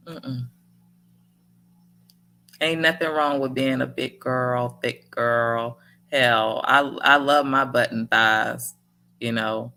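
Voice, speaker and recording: Speaking slowly in a bright, forceful bass voice, a woman runs a laid-back livestream where she answers viewers' comments. Her encouragement is homespun, and laughter comes often.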